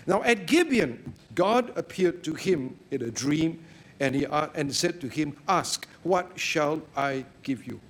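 A man preaching a sermon, telling stories in a lively way and breaking into sudden loud exclamations. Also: fairly high pitch, unhurried, slight background noise.

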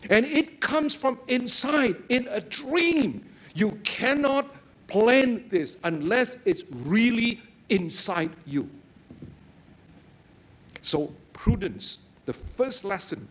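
A man preaching a sermon, telling stories in a lively way and breaking into sudden loud exclamations. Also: high voice.

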